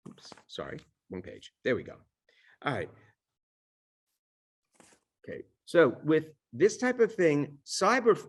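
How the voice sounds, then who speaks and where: A man teaching a live training session to an audience in a conversational way. He often checks in with the room and corrects himself as he goes. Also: mid-range voice. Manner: self-correcting, restarts sentences. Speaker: real estate training instructor.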